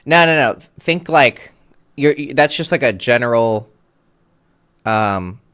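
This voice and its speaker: A man's voice: mid-range voice, lively intonation, slow pace, fairly bright tone, smooth. A man working as a dating coach, talking a client through his mistakes on a call in a blunt, casual way that includes swearing.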